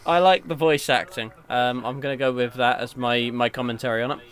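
A British man co-hosts a relaxed podcast chat. He thinks aloud as he goes, with lots of ums and restarted phrases. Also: mid-range voice, fairly quick. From Britain. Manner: hesitant, with many ums and restarts. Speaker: podcast co-host. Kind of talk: casual chat.

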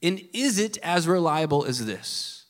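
A pastor preaching a sermon with earnest emphasis that drops at times to a hushed, soft delivery. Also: male voice, a little high, sing-song, a little slow. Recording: long reverb of a large hall.

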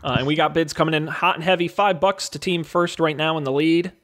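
A man's voice: a little high, steady tone, a little fast, a bit bright. A man hosting a casual show, reading out movie blurbs and calling bids like a jokey auctioneer. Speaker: host running a movie draft auction. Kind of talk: casual podcast chat.

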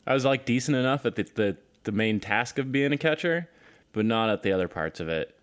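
Playful rambling man, mid-pitched voice. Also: animated, smooth. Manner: playful, rambling, quick asides. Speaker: podcast co-host. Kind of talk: casual chat.

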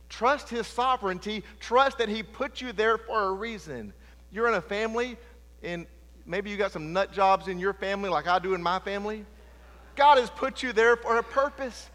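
A middle-aged man preaching a sermon with passion, swinging between loud emphatic lines and hushed low ones. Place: church sanctuary. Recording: long reverb of a large hall.

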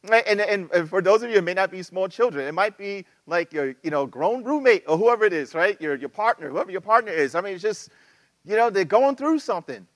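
A pastor preaches a sermon in a casual, animated manner, packed with asides and acted-out quotes. His voice sits high and moves briskly, with no room sound.

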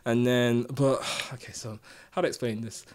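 A man, a podcast co-host, telling a story in casual chat, animated and swearing freely. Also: mid-range voice, normal speed.

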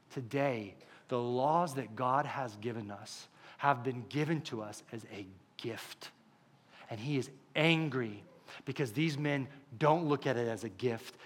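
A male pastor preaching a sermon to his church, stressing points by repeating them and swinging between hushed and loud. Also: mid-range voice, measured pace. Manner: emphatic, repeats key phrases, shifts between hushed and loud. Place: church service.

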